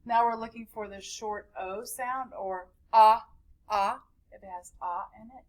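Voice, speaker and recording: A woman teaching a recorded phonics lesson to young children, slowly stretching out and repeating each sound in a sing-song way. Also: fairly high pitch. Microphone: camera recording at a desk.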